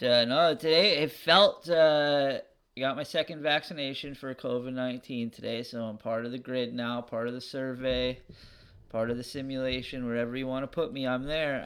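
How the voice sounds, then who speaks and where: A man co-hosting a podcast in casual chat, his voice a bit crackly today, joking in a deadpan way. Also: mid-range voice, clean tone. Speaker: podcast co-host.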